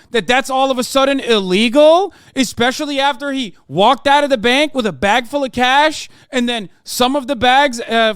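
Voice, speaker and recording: A man's voice: very high-pitched, fairly bright tone, smooth, no echo, studio quality. A man streaming live, reacting to the news in a sarcastic, rambling rant full of fillers. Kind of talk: casual live-stream commentary.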